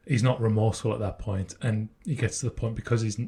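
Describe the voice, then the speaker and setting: A man's voice: lowish voice, fairly even intonation, fast, warm tone, breathy edge. A man co-hosting a podcast, talking casually and reasoning through ideas step by step. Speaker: podcast co-host. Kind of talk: casual chat.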